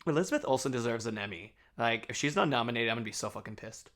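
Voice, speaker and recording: Gushing, bright-voiced reaction host man. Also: medium pitch, animated, quick pace. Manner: gushing, emotional, exclamatory, says like a lot. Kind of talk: excited reaction commentary.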